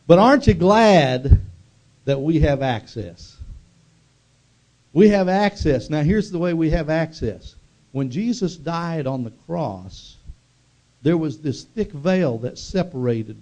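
A male pastor preaching with a fairly high voice, calling out to the congregation for amens. He tells stories in a plain, chatty way, then climbs into fervent proclamation. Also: lo-fi sound. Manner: call-and-response, builds to fervent shouting. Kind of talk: sermon.

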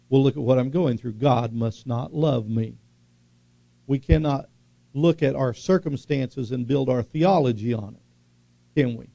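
A man's voice: mid-range voice, gravelly, mellow, no echo. A man preaching a sermon, emphatic and repetitive, often putting questions to the congregation. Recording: dull lo-fi recording.

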